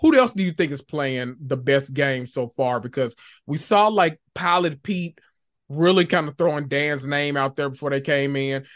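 A podcast host in casual pop culture chat, sassy and animated, swearing and laughing often. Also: mid-range voice, normal speed, no room sound, clean studio sound.

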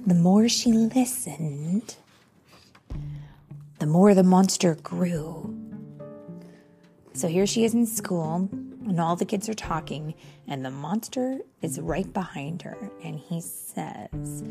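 A young woman reading a picture book aloud to a child, slow and expressive with gentle exclamations. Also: on the low side, vocal fry, faint music behind. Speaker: storybook reader.

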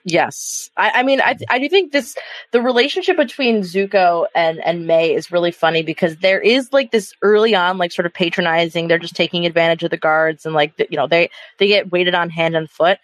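An animated young woman talks emphatically through a TV rewatch, full of fillers. Her voice is recorded close and dry, with no room sound. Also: lowish voice, fairly quick, no echo. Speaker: podcast co-host. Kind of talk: casual rewatch chat.

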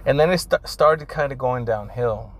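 A man's voice: mid-range voice, normal speed, poor audio. A young man telling a casual, profane story, switching between English and Spanish slang.

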